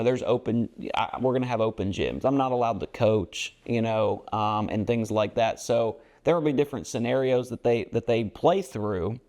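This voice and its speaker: A man's voice: medium pitch, darkish tone. A basketball coach co-hosting a podcast, a man talking earnestly about team culture in a rambling, casual way with many fillers. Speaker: basketball coach and show co-host.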